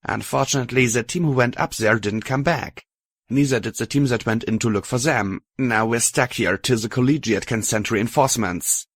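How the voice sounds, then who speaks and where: A man's voice: medium pitch, no echo, natural voice. A man voicing a nervous, twitchy stallion scientist in an audiobook of a pony story. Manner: nervous, hurried, defensive.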